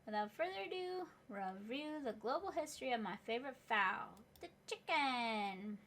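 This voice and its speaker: Casting: woman playing a prim little dog professor, apologetic and formal, game read-through, a touch higher than her own voice. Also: lively intonation, moderate pace, fairly bright tone. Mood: fussy. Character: dog professor, male, small, fussy and polite. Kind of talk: reading a game aloud in voices.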